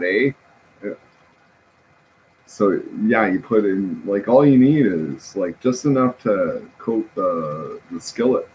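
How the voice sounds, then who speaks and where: A man talking in a rambling, halting casual monologue, often laughing at his own jokes. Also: lowish voice, lively intonation, darkish tone, a little hiss or hum, low-quality recording.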